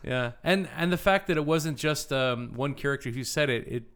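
A man's voice: mid-range voice, normal speed, fairly bright tone, clean tone. A man co-hosting a casual podcast, talking in a playful, nerdy way and posing quiz-style questions. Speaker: podcast co-host.

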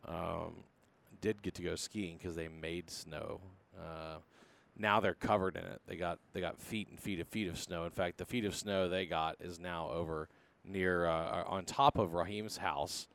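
A man hosting a casual podcast, talking in a rambling, joking way. His voice sits fairly low, and he keeps stopping to restart his sentences. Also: steady tone, measured pace, gravelly, hardly any pauses, a bit bright. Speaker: podcast host.

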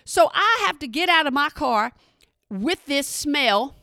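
A woman's voice: sits high, expressive, a little slow, sharp tone, no echo, studio quality. A woman from Texas with a Texan accent, telling a chatty story and asking again and again if you hear her. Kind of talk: storytelling monologue.

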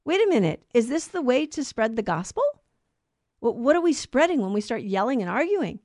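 A woman's voice: fairly high pitch, sing-song, brisk, darkish tone, no room sound, studio quality. A woman co-hosting a Catholic talk show, teaching in an earnest, storytelling way. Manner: earnest storyteller who acts out quoted voices. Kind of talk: conversational faith teaching.

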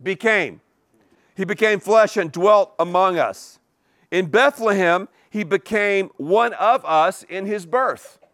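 A man's voice: high voice, slow, fairly bright tone, no room sound, clean studio sound. A man preaching a sermon, repeating key words for emphasis and asking the congregation rhetorical questions. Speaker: pastor.

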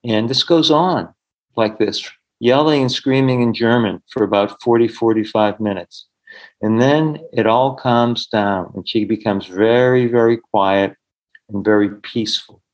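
A man's voice: medium pitch, measured pace, poor audio. Earnest middle-aged male storyteller. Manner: earnest storyteller, acts out quoted voices. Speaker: healer, podcast guest. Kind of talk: storytelling in an interview.

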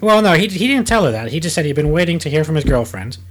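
A man hosting a comedy podcast, reading a news story aloud in a halting way with many fillers, casual and joking. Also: on the high side, very animated.

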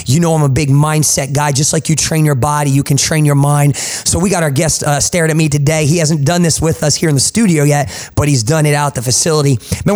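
Hosting a podcast in a studio, a man with a New Jersey accent talks with hype and motivational energy, calling people "man" and "boss." His voice is fairly high and a little mellow.

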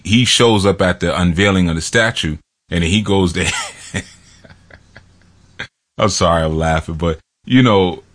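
A man's voice: low-pitched, fairly bright tone. A man talking in a rambling, casual monologue, laughing often and acting out quotes from films.

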